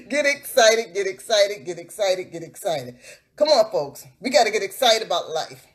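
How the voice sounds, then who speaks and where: A beauty vlogger on a livestream who breaks into fervent, repetitive spiritual encouragement, like a preacher. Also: female voice, mid-range voice, darkish tone.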